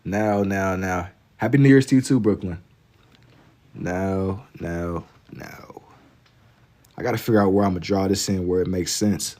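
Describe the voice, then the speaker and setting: Young man from Kentucky, slightly low voice, laid-back slangy livestream chatter while drawing. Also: measured pace, darkish tone. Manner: laid-back and slangy, reading chat aloud. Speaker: livestreaming artist.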